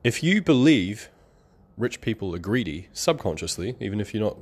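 A man giving a rambling, conversational motivational monologue about money beliefs, with some sarcasm and quick laughs. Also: on the low side, sing-song, slightly rough.

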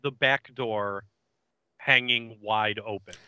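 A man co-hosts a casual podcast, adding quick, wry remarks to the conversation. His voice is sharp and very bright. The sound is muffled and lo-fi, but dry. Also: on the low side, fairly even intonation, clear, resonant tone, no echo. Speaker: podcast co-host. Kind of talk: casual chat. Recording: dull lo-fi sound.

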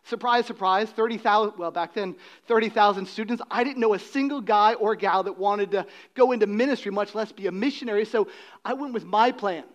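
A man, preaching a sermon in a high, light voice. He swings between loud, emphatic lines and sudden hushed drops. His delivery is dynamic and direct to the congregation. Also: a little fast. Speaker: pastor.

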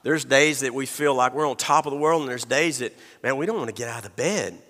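Male pastor, conversational storyteller, bright forceful tone, long hall reverb. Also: medium pitch, fast. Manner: conversational storytelling, acts out quotes, repeats words. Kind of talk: sermon.

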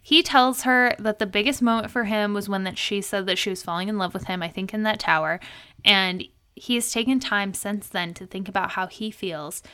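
Young female podcast co-host, bright mid-pitched voice, lively retelling with quotes and giggles. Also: normal speed, clean tone. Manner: animated storytelling, quoting people with laughs. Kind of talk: casual recap chat.

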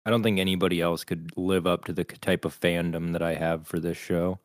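Blunt deep-voiced man, dry sound. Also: little pitch movement, a little fast, dry recording. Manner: blunt, swears a lot, argumentative. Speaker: podcast co-host. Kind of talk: casual crude podcast banter.

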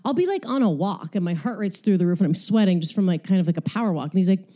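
A woman's voice: mid-range voice, lively intonation, fast, hardly any pauses, dark tone. Breathless, profane woman talking casually. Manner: candid, profane, rambling. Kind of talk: casual monologue while exercising.

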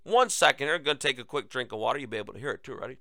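Speaking very fast with an expressive, sharp-toned voice of medium pitch, this American man runs a solo political talk show. He mocks and needles with sarcasm, tossing asides to his "folks" while a persistent cough keeps cutting in, and there's no room sound at all.

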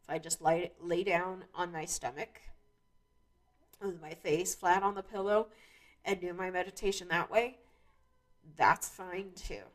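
A woman's voice: on the low side, steady tone, unhurried, long pauses. A woman hosting her own show, talking casually in a rambling way with many restarts and fillers. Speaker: podcast host. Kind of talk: casual monologue.

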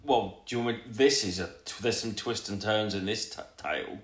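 A man's voice: lowish voice, a little fast, reverberant. A man telling a crude, rambling story in casual podcast chat. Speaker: podcast co-host.

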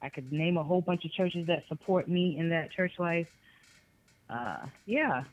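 Lively woman from boston chatting about her writing, kinda muffled sound. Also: fairly low pitch, normal speed. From Boston, Massachusetts. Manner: animated, laughs often, talks in bursts. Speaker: author guest. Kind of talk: casual interview talk.

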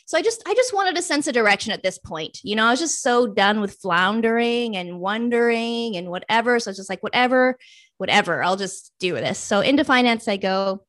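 A woman's voice: a little high, brisk, hardly any pauses, fairly bright tone, dry recording, studio quality. A young adult woman, a guest in a casual interview, telling her own story and acting out past thoughts and friends' lines.

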